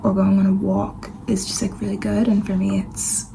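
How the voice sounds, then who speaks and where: A young woman vlogs casually at home in the kitchen while getting ready, rambling with lots of fillers and sometimes dropping to a soft, half-whispered voice. Her mid-range voice is gravelly and level at normal speed, with background noise and audible room ambience behind her.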